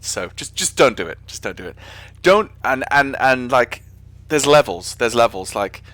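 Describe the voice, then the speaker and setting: A man's voice: mid-range voice, lively intonation, normal speed, a bit bright, dry recording. A man with an English accent chatting casually on a live stream while flying a simulator, rambling and often correcting himself. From England. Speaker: flight sim streamer.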